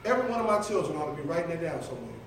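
A middle-aged man with a high, light voice delivers a loose, conversational sermon, teasing his listeners and calling on them by name. He sounds far from the mic in a very echoey church, with a faint hiss underneath. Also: big pitch swings, rapid-fire. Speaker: preacher. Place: church sanctuary.

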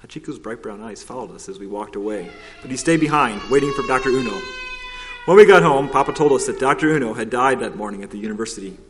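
A man narrating a children's story aloud, in a steady, expressive reading. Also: mid-range voice, fast talker. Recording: long hall reverb.

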